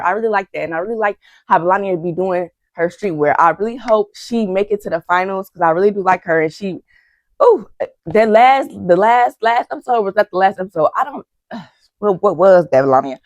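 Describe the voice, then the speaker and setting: A recap vlogger, a young woman, speaks a little fast in a mid-range voice over a dry recording. Chatty and gossipy, she addresses her viewers as y'all while recounting reality TV and acting out quotes.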